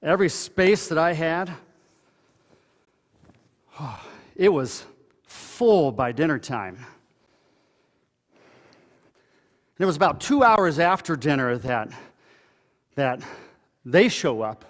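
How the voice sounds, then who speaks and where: A pastor delivering a dramatic first-person monologue during a church service, telling it in a conversational way with halting pauses and restarts. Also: male voice, a little high, very animated. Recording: echoey hall with long reverb.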